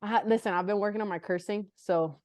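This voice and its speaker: A woman's voice: mid-range voice, steady tone, darkish tone, no room sound, clean studio sound. A young adult woman from Puerto Rico, a guest on a video call, chatting casually and telling stories with frequent laughter. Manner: laughs often, quick storytelling. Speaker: guest, army drill sergeant. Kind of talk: casual chat.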